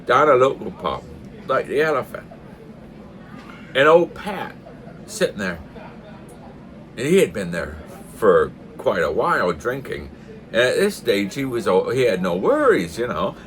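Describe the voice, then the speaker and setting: A man's voice: medium pitch, very animated, unhurried, pauses often, fairly bright tone. Jovial older man telling pub jokes. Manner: jovial, laughs often, mock-posh asides. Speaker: channel host. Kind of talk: casual joke-telling chat.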